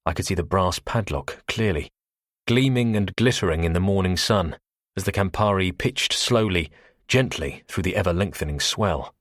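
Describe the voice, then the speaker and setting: Low husky male audiobook narrator. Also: normal speed, dry recording, clean studio sound. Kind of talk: first-person thriller narration.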